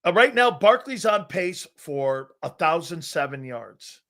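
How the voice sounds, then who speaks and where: High-voiced young man firing off stats. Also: big pitch swings, a bit bright. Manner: challenging, slangy, quick to cite stats. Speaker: sports show co-host. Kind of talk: casual sports debate.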